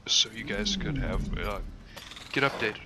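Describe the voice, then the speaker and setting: Over a very noisy background, a young man hosting a gaming channel talks through his gameplay in a mid-range, sing-song voice at a measured pace. He rambles offhandedly, filling in with fillers and swears, plus occasional hiccups and throat-clearing.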